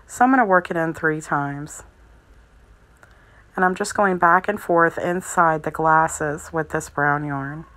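A woman with a slightly low voice walks through a crochet project one step at a time. She talks calmly and methodically, describing each stitch as she makes it. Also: measured pace, low-quality recording. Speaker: crochet instructor. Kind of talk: step-by-step craft tutorial.

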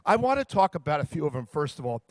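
A man on stage giving a funny talk about the athletes he has interviewed, with a slightly high, bright voice. He spins each anecdote with lively timing and lands it on a punchline. The sound is close and dry. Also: fast talker, no room sound. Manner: lively storyteller, builds to punchlines. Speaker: sports interviewer telling stories. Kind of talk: comedic speech to a live audience.

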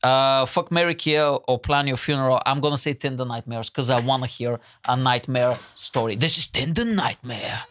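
A man's voice: mid-range voice, normal speed, few pauses, fairly bright tone. A man hosting a comedy podcast, joking and swearing freely and plugging his show. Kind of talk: casual comedic chat.

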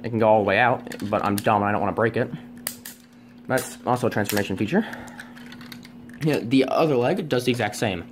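A man's voice: on the low side, brisk, long pauses, noisy background. A man reviewing a toy at home on camera, rambling and self-deprecating, with many fillers and restarts. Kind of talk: casual unscripted review. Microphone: camera on a tripod.

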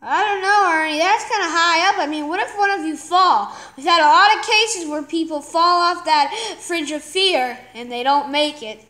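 A woman's voice: extremely high pitch, moderate pace, hardly any pauses, bright, forceful tone. A woman voicing a cautious, worried young woman who talks hesitantly in a homemade mini movie. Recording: roomy echo.

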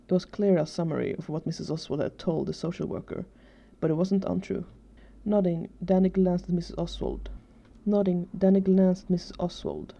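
A woman reading fan fiction aloud in a steady, even way. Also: lowish voice, a little fast, gravelly. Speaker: fanfiction reader. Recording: dull lo-fi recording.

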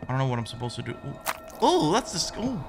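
A man's voice: medium pitch, very animated, fast, music in the background. A man commenting on a horror game he is playing, muttering nervously to himself, swearing often and yelping when startled. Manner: jumpy, swears a lot, yelps when startled. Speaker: gaming video creator.

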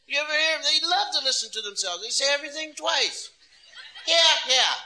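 A man doing live stand-up comedy, telling stories in an animated, playful way. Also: extremely high pitch, fast, rough recording.

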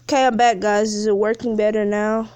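A woman's voice: medium pitch, flat delivery, brisk, a little mellow, smooth, dry recording. A woman live-streaming a mobile game on her phone, chatting in slang and whining about lag. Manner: slangy, calls viewers bro and man; whiny complaints about lag. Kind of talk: casual game streaming chat.

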